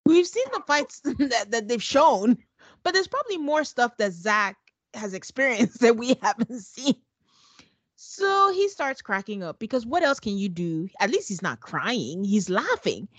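A woman's voice: on the high side, a little slow, breathy edge, no echo. A woman co-hosting a casual podcast, retelling a scene with lots of laughter and imitations. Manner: animated storyteller, laughs often, mimics voices. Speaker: podcast co-host. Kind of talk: casual recap chat.

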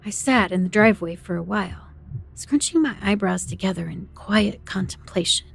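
A woman's voice: lowish voice, moderate pace, creaky, slightly rough, faint music behind. A woman narrating a first-person horror story in a dramatic, tense storytelling manner.

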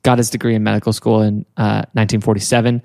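Gravelly young man telling a story. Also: fairly low pitch, level tone, fast talker, darkish tone. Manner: rambling, many fillers, giggles often. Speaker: podcast co-host telling the story. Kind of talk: casual comedic storytelling.

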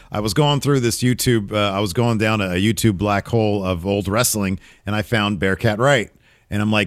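A man's voice: fairly low pitch, lively intonation, moderate pace, no room sound, clean studio sound. A man co-hosting a casual wrestling podcast, rambling and joking with lots of fillers. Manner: rambling, jokey, many fillers. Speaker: podcast co-host. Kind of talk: casual wrestling recap chat.

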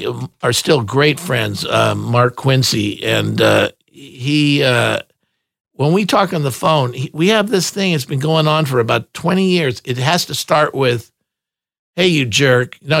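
A man's voice: medium pitch, creaky, a bit bright, dry recording, clean studio sound. An older man, a guest on a podcast, chatting casually and telling rambling stories with frequent laughs and acted-out quotes. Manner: rambling storyteller, laughs often, acts out quotes. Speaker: guest musician. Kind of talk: casual interview chat.

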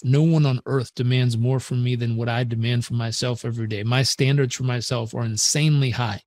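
A man, a performance coach telling a story as a podcast guest in an earnest, animated way that swears casually. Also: medium pitch, fairly quick, few pauses.

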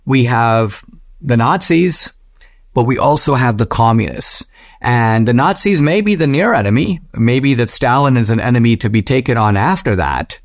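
A man hosting a commentary podcast, speaking in a measured, reflective way, with slow emphatic phrases and quotes read aloud. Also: expressive, no room sound, clean studio sound. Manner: mimics a Western voice when reading quotes, rising high. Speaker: podcast host. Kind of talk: commentary reading quoted passages.

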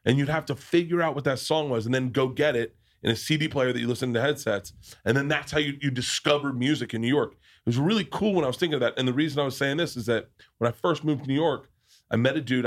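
A man from the American South who hosts a podcast and tells rambling, profane stories in casual chat, often restarting his sentences. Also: medium pitch. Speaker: podcast host.

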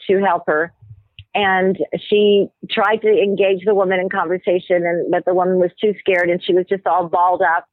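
A woman who is a medical anthropologist speaks earnestly as an interview guest, explaining at length with occasional ums. Her voice sits on the low side, and the line is tinny and phone-like, dry with no room sound.

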